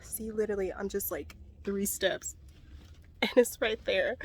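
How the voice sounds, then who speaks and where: A woman's voice: mid-range voice, a little slow, a little hiss or hum. A young woman filming herself outdoors beside her van on a handheld phone, chatting casually and nervously, saying y'all and like a lot. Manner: nervous and breathy, often hushed. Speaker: van life vlogger. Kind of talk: casual vlog talk to camera. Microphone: handheld phone camera.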